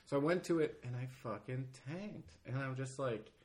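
A man's voice: mid-range voice, normal speed, a little mellow. A man hosting a casual podcast, talking loosely and rambling, with plenty of swearing. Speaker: podcast host.

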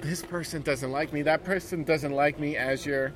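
A man hosting a casual chat with a fellow comedian, animated, profane and asking probing questions. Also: on the high side, normal speed. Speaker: comedian host. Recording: street traffic noise outdoors.

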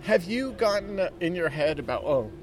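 A man hosting a casual chat with a fellow comedian, animated, profane and asking probing questions. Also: high-pitched, moderate pace. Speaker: comedian host. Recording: street traffic noise outdoors.

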